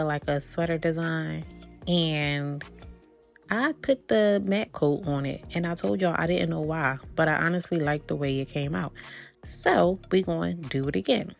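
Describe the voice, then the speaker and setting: Woman, 30s, low gravelly voice, slightly winded, chatty tutorial host, faint music under. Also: muffled recording. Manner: chatty, addresses viewers as y'all. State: slightly out of breath. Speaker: nail art vlogger. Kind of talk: casual tutorial chat.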